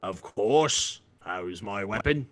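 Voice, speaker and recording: A man's voice: fairly low pitch, animated, slow, fairly bright tone, no echo. A man playing a tabletop game, giving short eager replies. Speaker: player. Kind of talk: casual tabletop play.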